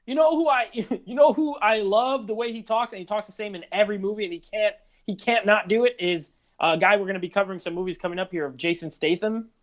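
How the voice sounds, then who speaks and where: A man's voice: sits high, fast talker, few pauses. Rambling man chatting casually. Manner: rambling, heavy use of "like". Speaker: podcast co-host. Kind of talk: casual chat.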